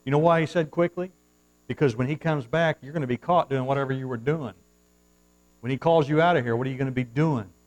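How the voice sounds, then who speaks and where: A man delivers a sermon from a church pulpit, talking fast in a mid-range voice. He shifts from quiet asides to loud bursts of fervor and reads scripture in antiquated, formal wording, all on poor audio.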